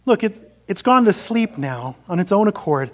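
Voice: mid-range voice, sing-song, normal speed. A preacher voicing a frightened, dithering male ghost who stammers and protests. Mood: panicked.

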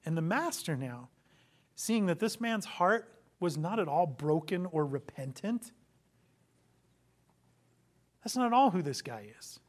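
High-voiced man preaching a sermon. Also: big pitch swings, normal speed. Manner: dramatic storytelling, acting out quotes, rhetorical questions. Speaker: pastor.

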